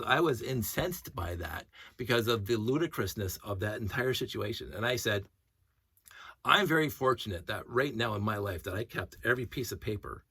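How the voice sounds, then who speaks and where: A man vlogging in a casual, rambling storytelling rant, animated and indignant as he retells events. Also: fairly low pitch, slightly rough, no echo.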